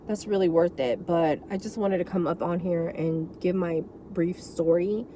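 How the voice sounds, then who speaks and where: This vlogger tells her caregiving story candidly from her car, emotional and unscripted, wandering through many asides. She has a low-leaning, dark voice, a fairly even intonation and a moderate pace, with a little background noise behind her.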